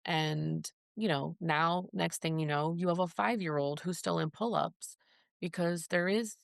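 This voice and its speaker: A woman's voice: on the low side, measured pace, creaky, no echo, clean studio sound. A woman speaking as a podcast guest, telling her story in an earnest, casual way and acting out the conversations she recalls. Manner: earnest, acts out quoted dialogue. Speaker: podcast guest, mother of a child with a rare disease.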